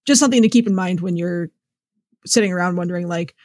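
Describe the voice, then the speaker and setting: Relaxed woman co-hosting, dry sound. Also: on the low side, fast talker, no room sound. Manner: relaxed and conversational, lots of "like" and "um". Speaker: podcast co-host. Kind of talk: casual podcast chat.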